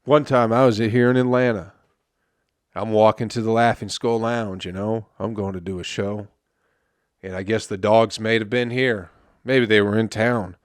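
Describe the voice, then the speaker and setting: A male comedian hosting a solo podcast, ranting in an exasperated, profane way with sudden loud outbursts. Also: fairly low pitch, steady tone, moderate pace, no room sound, clean studio sound. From Flint, Michigan.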